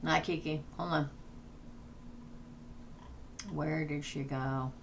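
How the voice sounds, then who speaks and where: A woman's voice: sits low, fairly even intonation, takes it slowly, vocal fry, noisy background. A woman tarot reader hosting a casual livestream, chatting, laughing and reading names off a list.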